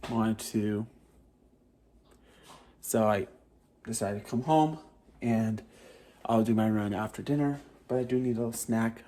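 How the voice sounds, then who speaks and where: A man's voice: on the low side, mellow, slight background noise. A man talking casually to his vlog camera, rambling with lots of ums and uhs, sometimes with his mouth full. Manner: talks while eating. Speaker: vlogger.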